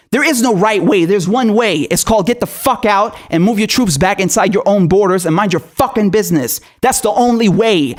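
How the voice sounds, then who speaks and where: A man's voice: sits high, brisk, few pauses. A man who is a political commentator, delivering an angry and profane rant full of rhetorical questions. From Syria.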